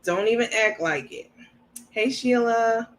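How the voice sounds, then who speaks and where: A woman's voice: a little high, measured pace. Casting note: woman host, chatty and laughing, casual livestream chat. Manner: chatty, greets viewers by name, laughs often.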